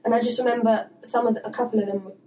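An English actress chatting casually on a podcast, telling stories and acting out the people in them. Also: female voice, on the high side, little pitch movement, very fast, warm tone, far from the mic. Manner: chatty storyteller, acts out quoted voices. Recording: noisy room, voice away from mic.

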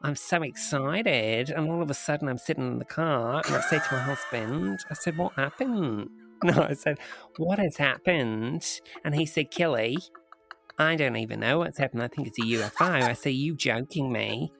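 Guy doing a breathless australian lady telling a story, soft music behind. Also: mid-range voice, normal speed, vocal fry. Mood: excited. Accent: put-on Australian. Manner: breathless storytelling, quoting others. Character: Australian woman excitedly recounting a UFO sighting.

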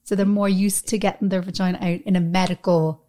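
An Irish woman co-hosts a podcast, chatting casually and telling animated stories punctuated by frequent laughter. Her voice is lowish and she talks fairly quickly.

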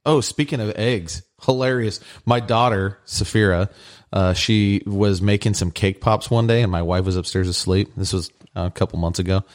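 A man's voice: fairly low pitch, normal speed. A middle-aged man co-hosting a podcast, telling rambling family anecdotes with lots of fillers in casual chat. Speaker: podcast co-host.

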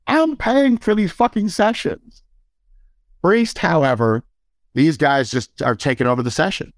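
A man's voice: mid-range voice, very animated, normal speed, no echo. A man in a medium voice tells a rambling, profanity-laced anecdote in a loose, casual way. He keeps slipping into quoted dialogue and chuckling at his own tale. The sound is dry and close, with little room around it. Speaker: storyteller. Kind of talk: casual storytelling.

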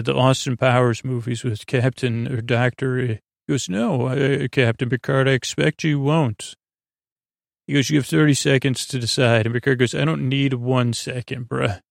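A man with a gravelly, creaky voice loosely recaps a story in casual chat, stumbling and filling pauses as he goes. His delivery stays flat and even, recorded close on a dry mic. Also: medium pitch, no echo. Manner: loose, halting, many fillers, quotes characters in plain voice. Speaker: podcast host recapping an episode.

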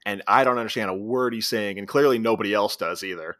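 A man's voice: fairly low pitch, quick pace, a bit bright, no room sound, clean studio sound. A man co-hosting a podcast, casually recapping a film's plot scene by scene. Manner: retells scenes, quoting characters in brief voices. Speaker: podcast co-host. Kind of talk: casual movie recap chat.

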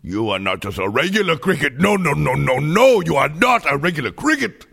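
A man voicing a flamboyant, self-absorbed nightclub diva in a comedy sketch, with a campy, theatrical, sassy delivery and sudden loud outbursts. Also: fairly high pitch, sing-song, brisk, gravelly, faint music behind, heavily acted. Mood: gushing. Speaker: comedy podcast host.

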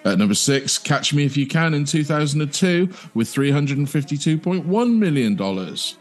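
A man co-hosting a podcast, reading out a ranked list and chatting with a quick laugh. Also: on the high side, big pitch swings, faint music behind. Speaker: podcast co-host. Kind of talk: reading out a chart list, casual chat.

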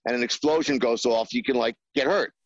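A man's voice: mid-range voice, no room sound. Rambling man telling a story, muffled. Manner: rambling, halting with many fillers, acts out quoted voices. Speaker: screenwriter guest. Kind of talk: anecdotal interview storytelling.

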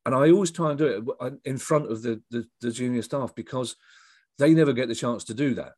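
Here a middle-aged man, a comedian and writer, chats casually and tells meandering stories full of restarts and jokes at his own expense. He speaks a little fast at medium pitch with a darkish tone, and there's no echo.

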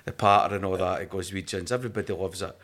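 A man's voice: low-pitched, fairly even intonation, rapid-fire, a bit bright. A Scottish man with a Falkirk accent, chatting casually and telling stories, swearing freely along the way. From Scotland. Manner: storytelling, swears freely, slips into quoted voices. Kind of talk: casual chat.

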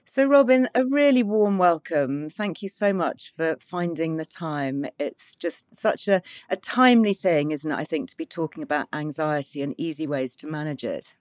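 A woman's voice: sits low, animated, moderate pace, hardly any pauses, darkish tone, dry recording, clean studio sound. A woman hosting a podcast, reading her introduction and then interviewing her guest with enthusiasm. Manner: upbeat and enthusiastic. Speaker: podcast host.

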